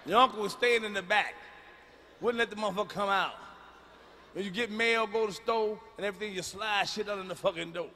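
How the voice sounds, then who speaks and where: A middle-aged man working a stand-up crowd, blunt and profane, with a high and cutting voice. His punchlines come out booming. The sound is a live stage mic with a long hall reverb and a faint murmur behind it. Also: brisk, bright, forceful tone, a little hiss or hum. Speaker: stand-up comedian. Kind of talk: stand-up routine. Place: large concert venue.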